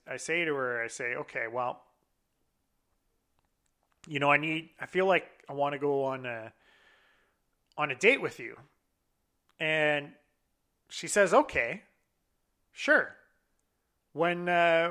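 A man casually telling a personal story, animated, quoting back and forth and swearing freely. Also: fairly high pitch. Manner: animated anecdote with frequent profanity and quoted dialogue.

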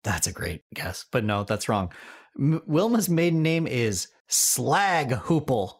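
A man's voice: mid-range voice, takes it slowly. A man co-hosting a casual comedy podcast, telling stories and laughing often. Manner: animated storyteller, laughs often. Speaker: podcast co-host.

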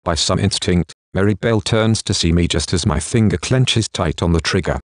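A man reading a first-person crime novel aloud in a measured, brooding dramatic way. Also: low-pitched, no echo, studio quality. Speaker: audiobook narrator. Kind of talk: first-person scripted narration.

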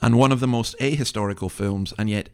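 A man's voice: mid-range voice, fast talker, smooth. A man in his sixties hosting a podcast, giving an indignant, wry commentary full of asides. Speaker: podcast host. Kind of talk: opinionated commentary monologue.

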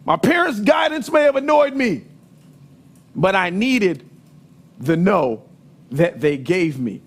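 A middle-aged man preaching a sermon, telling lively personal stories with emphatic, sometimes shouted lines. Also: high voice, takes it slowly.

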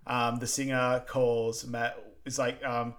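Male co-host, laid-back, filler-heavy, mid-pitched voice. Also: takes it slowly. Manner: relaxed, lots of ums, plain storytelling. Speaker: podcast co-host. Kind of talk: casual chat, film rewatch recap.

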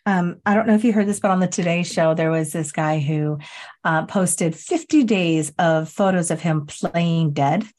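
A woman co-hosting a podcast, telling an animated story in casual chat and laughing often. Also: on the low side, moderate pace. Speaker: podcast co-host.

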